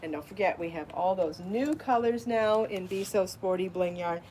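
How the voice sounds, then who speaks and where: A woman hosting a live crafting show, chatty and enthusiastic, out of breath from rushing around and trying on garments. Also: on the low side, a little mellow, slight background noise. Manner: chatty and enthusiastic, laughs at herself. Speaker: podcast host showing her yarn designs. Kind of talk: casual live show chat.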